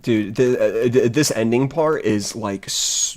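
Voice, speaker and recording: A young male streamer talks in casual, halting bursts with restarts and swearing. His voice sits at a middle pitch for a man. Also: darkish tone. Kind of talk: casual gameplay commentary.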